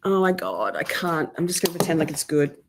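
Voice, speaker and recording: A woman's voice: fairly low pitch, fairly even intonation, a little fast, gravelly, background noise. A woman streaming live, chatting casually to her viewers and swearing freely while she fights with her gear.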